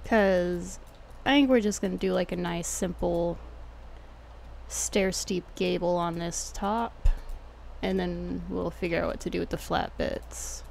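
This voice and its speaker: A woman's voice: lowish voice, steady tone, unhurried, gravelly, darkish tone, slight background noise. A young woman with a Texan accent chatting casually and jokingly while streaming a game, slangy and swearing freely. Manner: laid-back, jokey, slangy, swears casually. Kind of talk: casual gameplay commentary.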